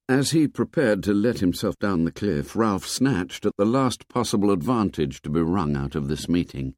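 A man narrating an audiobook in a measured, expressive way. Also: on the low side, dry recording, studio quality.

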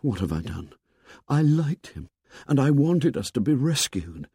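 A man's voice: a little high, sing-song, measured pace, warm tone, slightly rough, dry recording, clean studio sound, voice pushed up, exaggerated voice. A man doing a desperate hunted boy. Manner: thick, breathless, whispering.

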